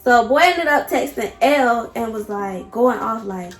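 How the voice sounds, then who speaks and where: A woman's voice: fairly high pitch, a little slow, hardly any pauses, echoey room, faint music behind. A young woman vlogger telling a personal love story to her viewers, candid and emotional.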